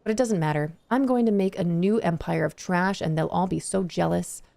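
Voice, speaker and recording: A woman's voice: lowish voice, brisk, gravelly, dark tone. A woman reading aloud the lines of a whiny, self-pitying male pixie king obsessed with trash, from a video game. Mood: sulky grandiose.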